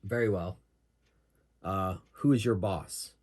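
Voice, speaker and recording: A stern warrior woman barks formal, commanding questions at her prisoner, as a man puts her on. The voice sits low and a bit husky, with a tabletop storyteller's plain delivery. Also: takes it slowly, a little mellow. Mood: dry. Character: stern female warrior interrogating a goblin prisoner.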